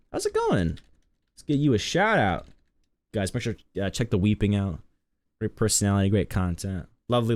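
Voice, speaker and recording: A man's voice: on the low side, no echo. A man streaming live, chatting casually and rambling to his viewers.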